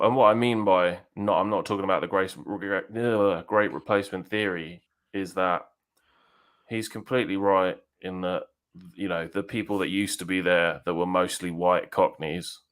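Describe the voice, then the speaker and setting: A man's voice: low voice, normal speed, fairly bright tone. A man with a southern English accent, co-hosting a podcast in blunt, casual chat and laughing easily.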